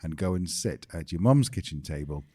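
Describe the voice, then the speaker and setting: A man's voice: deep voice, lively intonation, normal speed, warm tone, breathy edge. A British man co-hosting a podcast in casual chat, explaining things with dry jokes. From Britain. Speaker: podcast co-host.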